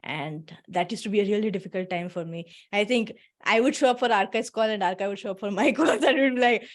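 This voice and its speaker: A woman's voice: medium pitch, quick pace, few pauses. A woman hosting an online workshop on a video call, chatting casually and encouragingly, laughing often. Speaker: workshop host. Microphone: computer mic on a video call.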